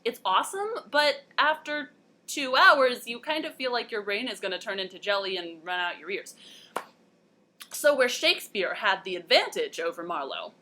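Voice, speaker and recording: A woman's voice: fairly high pitch, animated, normal speed, sharp tone. A young woman hosting a casual, playful lesson, chatty and given to bursts of enthusiasm. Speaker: host.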